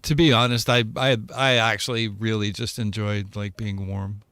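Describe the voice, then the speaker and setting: A man's voice: on the low side, level tone, normal speed, fairly bright tone, clear, resonant tone, no echo. Joking man chatting while gaming. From United States. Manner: joking, rambling, frequent laughs. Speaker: gamer co-host. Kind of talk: casual chat while gaming.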